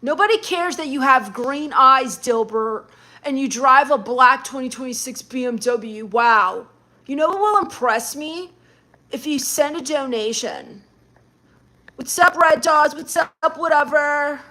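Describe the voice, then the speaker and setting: A woman hosting a live stream, reading her chat aloud and answering it with dry sarcasm. Her voice sits high and light. She mocks and snaps back at the messages. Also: a little slow, sharp tone. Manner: sarcastic, mocking.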